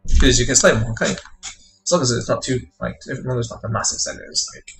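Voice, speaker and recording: A man's voice: medium pitch, steady tone, quick pace, gravelly, a bit bright, poor audio. A man streaming his game programming, thinking aloud and muttering to himself as he types code. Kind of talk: live coding narration. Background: music and keyboard typing.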